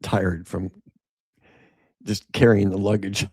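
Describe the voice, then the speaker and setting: A man's voice: low-pitched, level tone, slow, darkish tone, slightly rough, dry recording, studio quality. A male podcast host giving casual commentary, reading an article aloud with sarcastic, rambling asides.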